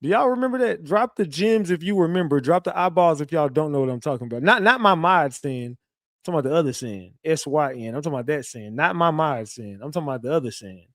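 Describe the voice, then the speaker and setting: A man's voice: a little high, expressive, quick pace, fairly bright tone, no echo, clean studio sound. A man hosting a casual live commentary stream, rowdy and teasing as he calls out to his chat. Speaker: livestream commentator.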